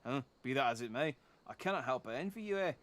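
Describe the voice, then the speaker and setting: A man's voice: mid-range voice, expressive, lightly acted. A man voicing a frail, gracious older father with a put-on Canadian accent, ending his lines with "eh?". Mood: earnest. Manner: ends lines with a drawn-out "eh?".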